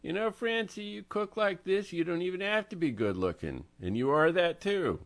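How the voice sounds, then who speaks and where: A man's voice: sits high, animated, pitched above the performer's own voice. A man doing a garrulous Brooklyn wise guy. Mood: fond. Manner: garrulous, fast-talking. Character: streetwise middle-aged businessman, garrulous, warm.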